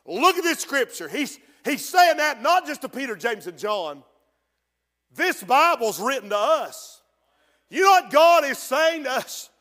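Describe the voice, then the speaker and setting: A man preaching a sermon as pastor, rising to shouted peaks and slowing down on quoted scripture. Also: very high voice, big pitch swings, in a large hall.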